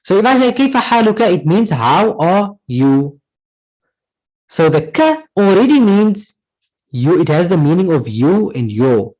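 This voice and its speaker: Lively-voiced male Arabic teacher. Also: high voice, measured pace, rough recording. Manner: patient, repeats words and asks "right?". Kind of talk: online class lesson.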